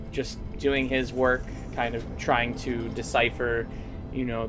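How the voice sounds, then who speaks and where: Guy running a tabletop game, mid voice, loose and rambly, soft music under it. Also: mid-range voice. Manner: casual, filler-heavy narration. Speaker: game master.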